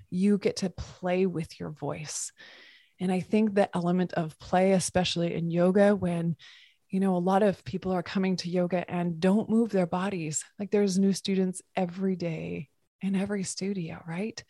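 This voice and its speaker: A woman yoga teacher giving a reflective podcast talk, musing softly with halting restarts. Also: on the low side, fairly even intonation, dry recording, clean studio sound.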